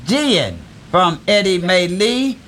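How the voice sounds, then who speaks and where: Lively, bright-voiced radio hostess. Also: female voice, lowish voice, slow pace, a little hiss or hum. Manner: effusive, laughing, reads birthday shout-outs. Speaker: radio host. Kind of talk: call-in radio chat.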